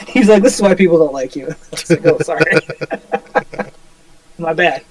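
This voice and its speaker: A man's voice: a little high, slow, poor audio. A young man co-hosting a podcast in casual chat, a playful, joking storyteller. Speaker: podcast co-host.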